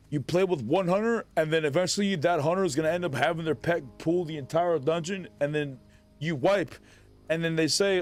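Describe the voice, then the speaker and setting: A man's voice: on the high side, a little fast. Laid-back joking male game streamer. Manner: laid-back, jokey banter. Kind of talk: casual live-stream commentary.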